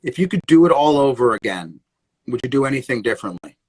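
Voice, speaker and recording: A man's voice: mid-range voice, expressive, fast talker, a little mellow, husky, low-quality recording. Courteous male podcast host. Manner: courteous, appreciative.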